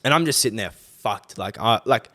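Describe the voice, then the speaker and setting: A man's voice: fairly low pitch, animated, normal speed, bright, forceful tone. A young Australian man co-hosting a podcast, telling a rambling, sweary story in casual chat. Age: young adult. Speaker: podcast co-host.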